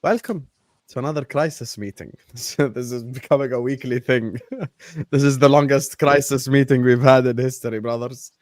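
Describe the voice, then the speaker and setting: A young man hosting a casual livestream chat, animated and laughing often, using street slang. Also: medium pitch, normal speed, dry recording. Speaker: host.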